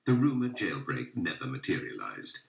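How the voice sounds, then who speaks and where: A man giving scripted documentary narration in a measured, grave manner. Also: very deep voice, wildly swooping pitch, gravelly. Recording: roomy echo.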